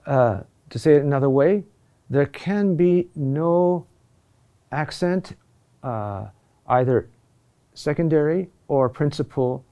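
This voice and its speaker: A middle-aged man teaching a recorded lesson, speaking in a halting way with many fillers and restarts. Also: on the high side, dark tone. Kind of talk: recorded lesson on Latin chant accentuation.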